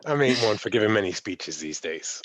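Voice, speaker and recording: A man's voice: on the low side, lively intonation, fairly quick, a bit bright, no room sound. A man playing his character in a tabletop game, drawling and folksy, hesitant at times, on a dull lo-fi mic. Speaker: player. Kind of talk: in-character tabletop role-play.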